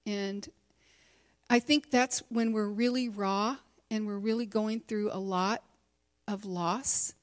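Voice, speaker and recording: Before a women's gathering, a middle-aged woman who teaches and speaks at conferences gives a candid personal testimony. Her mid-range voice is slow and steady in tone, and she speaks conversationally with plenty of fillers.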